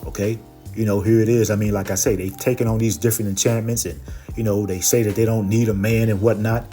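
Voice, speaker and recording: A man preaching and teaching from scripture, filling his talk with "okay" and "you know" and reading verses slowly and with more force. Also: on the low side, little pitch movement, soft background music. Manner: reads verses slowly and louder.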